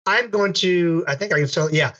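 Upbeat host on a dull call line. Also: male voice, high-pitched, moderate pace, a bit bright. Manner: friendly, loose with fillers. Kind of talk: casual interview over video call.

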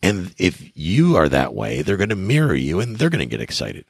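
A man's voice: low voice, wildly swooping pitch, moderate pace, vocal fry, slightly rough, no room sound. A middle-aged man hosting a podcast, giving casual advice in an enthusiastic, emphatic way and acting out conversations. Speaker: real estate investor and podcast host.

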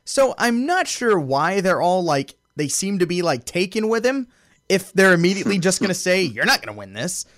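A man's voice: high voice, expressive, moderate pace, a bit bright, dry recording, studio quality. A man hosting a podcast, recapping a wrestling show in casual chat, amused and storytelling with frequent fillers. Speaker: podcast host.

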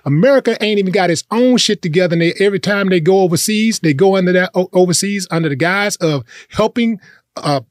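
Guy with a high voice going off, blunt and profane, dry close sound. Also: fast, no room sound. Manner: blunt, profane, emphatic ranting with repetition. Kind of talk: heated casual chat.

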